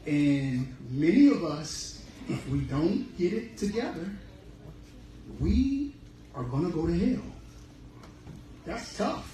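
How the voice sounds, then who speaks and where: A high-voiced man preaches about health, animated and emphatic. He is heard from a distance in a very echoey room. Faint noise sits under his voice. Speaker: speaker on fruitarian health. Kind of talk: sermon-style health talk.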